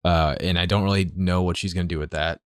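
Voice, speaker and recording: A man's voice: sits low, steady tone, fast, clean tone, no room sound, clean studio sound. A young man co-hosting a reaction show, chatting in a laid-back, unsure way. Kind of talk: casual chat.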